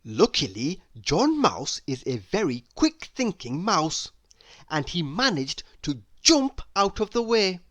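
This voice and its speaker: A woman reading a children's storybook aloud in an expressive manner, now and then asking the listener questions. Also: fairly low pitch, slow, dry recording, clean studio sound. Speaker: storybook reader.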